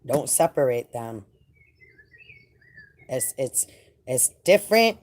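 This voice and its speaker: A woman talking casually and rambling in a slangy, animated way as she channels spiritual messages. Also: rumbling low, slow.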